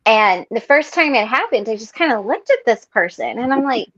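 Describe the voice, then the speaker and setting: A woman tells a story in a high, bright voice, acting out everyone's lines as she goes. Her voice sounds dry and close, and a little dull and muffled. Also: moderate pace, no echo. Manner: animated storyteller acting out quotes. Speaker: meeting participant. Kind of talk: casual storytelling.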